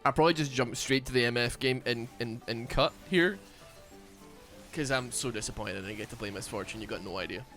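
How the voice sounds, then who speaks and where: Casting: young Scottish streamer with a light accent and a bright, lively voice, rambling chat, faint game music underneath. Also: male voice, mid-range voice, brisk. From Scotland. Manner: chatty, rambling, bursts into excited yells. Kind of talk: casual gaming stream chat.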